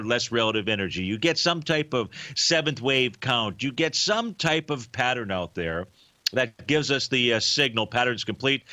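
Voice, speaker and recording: A man's voice: medium pitch, sharp tone. A man hosting a live financial talk show, explaining market cycles in a casual, rambling way with many fillers. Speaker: radio show host, market analyst.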